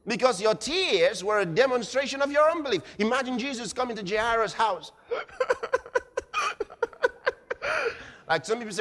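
A man preaching a sermon dramatically, swinging from shouts to quiet and acting out scenes. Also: very high-pitched, sing-song, moderate pace, long pauses. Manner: dramatic, shouting at peaks then dropping quiet, acts out scenes. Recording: echoey hall.

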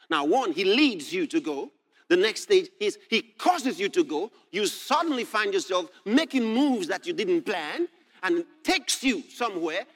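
A man preaching a sermon, reading scripture aloud and explaining it, moving from quiet musing to loud shouted proclamation and laughing now and then. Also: high voice.

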